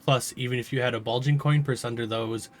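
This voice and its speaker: A man's voice: medium pitch, steady tone, brisk, slight background noise, close to an everyday voice. A jaded dock guild officer woman with a sarcastic edge, fond of swearing, as a man reads her lines. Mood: exasperated.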